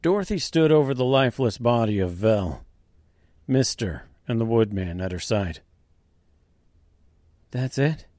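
A man narrating a dark fantasy audiobook serial, reading slowly and deliberately. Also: on the low side, lively intonation, dry recording, studio quality. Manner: slow, deliberate reading with quiet voiced dialogue.

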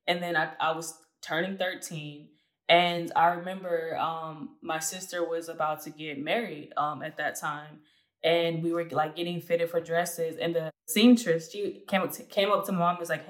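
A woman's voice: fairly low pitch, moderate pace. A young woman talking as an interview guest, chatty and loose, with frequent small laughs and filler words. Her voice rings with a noticeable roomy echo. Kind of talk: casual storytelling interview.

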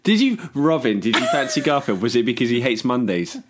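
Exasperated man with a lively, swooping voice. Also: mid-range voice, fairly quick. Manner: exasperated, keeps interrupting and telling his co-host to shut up. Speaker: podcast co-host. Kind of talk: comedic casual banter.

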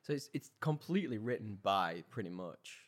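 Low-voiced wry male podcast host. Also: lively intonation, normal speed. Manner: wry, teasing, steers the topics. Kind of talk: casual chat.

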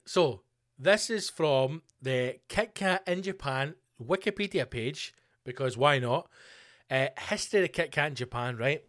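A man's voice: on the high side, a bit bright. Sweary Scottish man ranting. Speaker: podcast host. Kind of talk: casual solo podcast rant.

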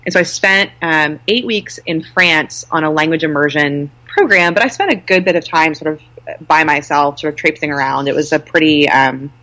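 A woman in her thirties with a low, deep-set voice, speaking as an interview guest. She talks in a chatty, candid way and pokes fun at herself. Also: normal speed, bright, forceful tone. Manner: chatty, candid, self-deprecating. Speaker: guest, nonprofit co-founder. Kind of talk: casual conversational interview.

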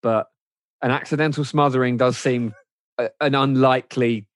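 A man on a film podcast panel, speaking in a measured, thoughtful way with some hesitation. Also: mid-range voice, fairly even intonation, dry recording, clean studio sound. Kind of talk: casual film discussion.

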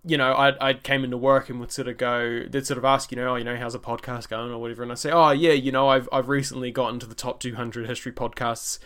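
A man's voice: medium pitch, flat delivery, fast talker, hardly any pauses, fairly bright tone, clear, resonant tone. Young New man, podcast host, casual rambling solo chat, mid-range voice. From New Zealand. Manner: rambling, many fillers and restarts. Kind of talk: casual solo podcast, answering listener questions.

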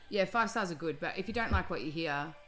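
Woman host, very low voice, breezy offhand outro, faint music under it. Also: animated, a little fast, fairly bright tone. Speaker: podcast host reading the outro. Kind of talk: casual podcast outro.

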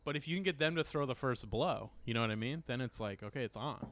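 A man's voice: medium pitch, animated, quick pace, fairly bright tone. A man in his mid-thirties co-hosting a podcast, talking in a laid-back, rambling way and laughing often. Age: 30s. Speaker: podcast co-host. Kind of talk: casual chat.

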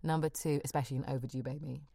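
A woman's voice: rumbling low, steady tone, racing, creaky, mellow, no room sound, clean studio sound. A woman telling a personal story frankly and with animation in casual chat, swearing freely.

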